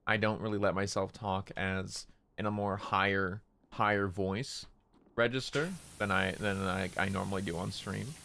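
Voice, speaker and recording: A man casually chatting on a game stream, speaking in a relaxed, low-key and unexpressive way, deliberately keeping his voice in a lower register. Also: vocal fry. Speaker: livestreamer.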